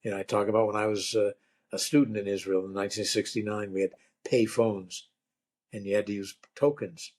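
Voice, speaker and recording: An older man, a rabbi turned comedian, telling stories and jokes in a relaxed, wry conversational way. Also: lowish voice, a little fast. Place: lives in Vermont.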